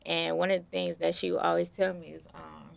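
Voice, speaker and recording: A woman guest in a casual interview, telling relaxed stories full of fillers. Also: lowish voice, fairly quick, vocal fry. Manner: relaxed storytelling with many fillers.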